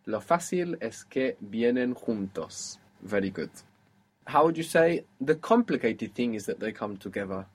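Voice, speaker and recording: A man's voice: mid-range voice, expressive, moderate pace, husky. Patient male language teacher. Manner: patient, encouraging, explains step by step. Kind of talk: spoken language lesson.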